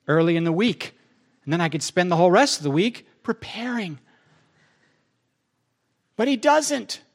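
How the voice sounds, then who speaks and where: A male pastor preaching a sermon, acting out both sides of his conversations with God. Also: on the high side.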